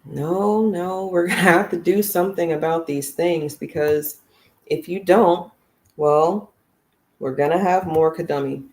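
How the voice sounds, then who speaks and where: A woman's voice: on the low side, a little slow, a little mellow. A woman giving blunt, sarcastic, profane political commentary on a casual livestream.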